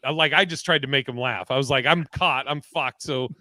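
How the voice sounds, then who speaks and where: A man's voice: medium pitch, fairly quick, sharp tone, no room sound, poor audio. A man co-hosting a podcast, a comedian chatting casually and acting out quotes in different voices as he tells stories. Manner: storytelling, acts out quotes in voices. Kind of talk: casual chat.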